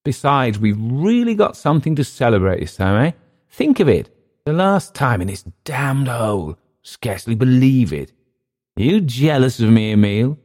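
A man's voice: low voice, lively intonation, normal speed, darkish tone. A man reading aloud, voicing a drunk young Englishman who mocks his companion with jeering taunts. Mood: gloating.

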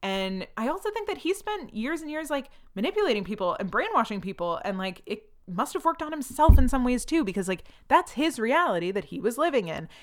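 A young woman hosting a podcast, talking casually with many fillers and lively quoted asides. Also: on the high side, a little fast, hardly any pauses. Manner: chatty, frequent "like" fillers, animated quoting of people. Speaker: podcast host. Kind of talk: casual commentary monologue.

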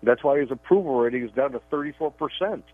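Emphatic husky man on a phone line. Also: mid-range voice, quick pace. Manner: emphatic, repeats words when starting sentences. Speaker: radio show co-host and columnist. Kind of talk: political radio commentary. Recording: tinny phone line, dry.

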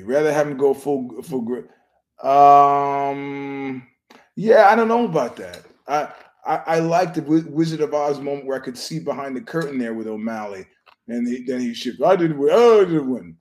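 A man's voice: medium pitch, normal speed, a little mellow. Rambling, foul-mouthed male podcast host. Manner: profane, meandering storyteller with frequent restarts; keeps his voice down so he won't disturb a filming nearby. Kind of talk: casual rambling monologue.

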